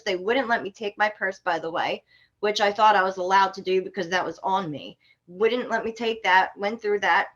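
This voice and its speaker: A woman from Florida, a podcast guest, telling a story in an animated, indignant way with sharp outbursts. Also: on the high side, dull audio. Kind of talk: casual storytelling.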